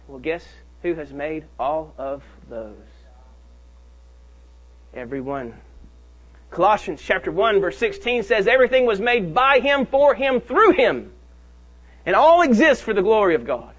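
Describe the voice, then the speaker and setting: A man preaching in a church with a high, ringing voice and a strong push behind each point. He slows right down to stretch out the words he wants to land. The recording sounds dull and lo-fi. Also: very animated. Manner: preaches with rising emphasis and slow, drawn-out key phrases. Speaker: pastor. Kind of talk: sermon. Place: church sanctuary.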